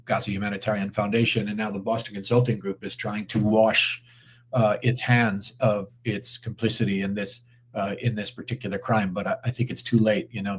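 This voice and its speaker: Measured low-voiced man with many fillers. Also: slight background noise. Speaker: guest commentator. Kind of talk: live online interview.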